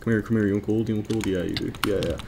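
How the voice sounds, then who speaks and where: A man gives low-pitched, mumbled live commentary while he plays a video game. He talks half to himself and coaxes the game's creatures, with faint background noise and keyboard clicks under his voice. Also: fairly even intonation, rapid-fire, creaky. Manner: mutters to himself, coaxing and teasing game creatures. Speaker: gaming streamer.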